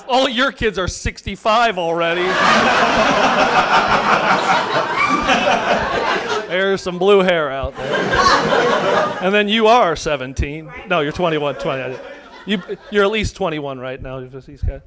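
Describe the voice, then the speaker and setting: A man's voice: high-pitched, slow pace, long pauses, very noisy. A middle-aged American man doing a stand-up comedy set on stage, delivering crude punchlines in a brash way into a handheld mic. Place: comedy venue stage before a live audience. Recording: live set drowned by loud crowd laughter.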